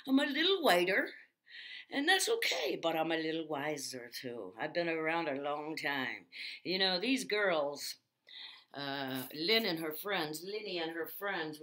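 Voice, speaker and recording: A woman's voice: deep voice, fairly bright tone, full character voice. A woman putting on a boozy Irish-accented party spirit. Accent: put-on Irish. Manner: rambling, chummy, teasing.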